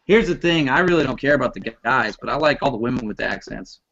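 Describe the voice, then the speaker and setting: A talkative man rambling in casual chat, his pitch bouncing around a lot. The audio is dull and lo-fi, with faint background noise, like a video call. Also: animated, fast, vocal fry, fairly bright tone. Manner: chatty, rambling, laughs often.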